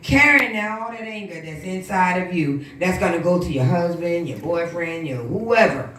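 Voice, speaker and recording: A woman minister giving an animated church testimony, acting out the voices of the people in her story. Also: lowish voice, normal speed, noisy background. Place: church hall. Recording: echoey room from far off.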